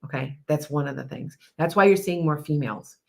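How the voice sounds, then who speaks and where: A woman's voice: sits low, brisk, creaky. A woman hosting a psychic podcast, chatting casually and rambling, often repeating herself and answering viewers' comments. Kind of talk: casual live-stream chat.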